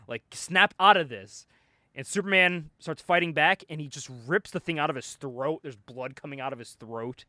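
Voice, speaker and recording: A man hosting a podcast, casually retelling a comic book story with animated energy, frequent laughs and swearing. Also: on the high side, moderate pace, hardly any pauses, no room sound, studio quality. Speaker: podcast host recapping a comic. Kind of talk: casual chat.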